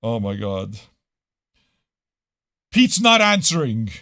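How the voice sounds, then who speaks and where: A man hosting a live radio show, ranting casually and swearing a lot, swinging between loud outbursts and low muttering. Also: big pitch swings, takes it slowly, no echo, studio quality.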